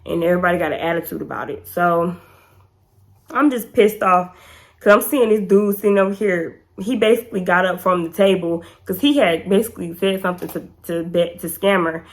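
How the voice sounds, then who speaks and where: Young woman vlogger, lively casual storytime, acts out quotes high. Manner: animated, acts out quotes in raised pitch.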